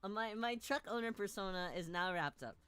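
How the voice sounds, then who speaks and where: A woman's voice: medium pitch, fairly quick, a bit bright, soft background music. A young woman streaming a game, reading its narration aloud between playful, giggly jokes.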